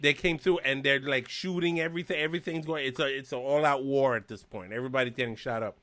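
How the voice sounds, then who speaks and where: A man's voice: steady tone, fast talker, bright, forceful tone, no echo. A man hosting a casual movie discussion over a video call, enthusiastic, laughing and mimicking characters. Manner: enthusiastic, laughs often, mimics characters with big jumps in pitch. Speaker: podcast host.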